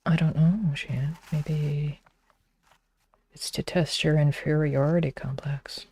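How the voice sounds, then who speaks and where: A woman's voice: low voice, fairly even intonation, slow, dark tone, slightly rough. A woman streaming a game, chatting casually and teasing her viewers.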